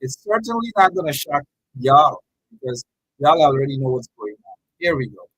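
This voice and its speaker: A man's voice: fairly high pitch, very animated, moderate pace, fairly bright tone, slightly rough. A man hosting political commentary, mocking in a sing-song, repetitive way.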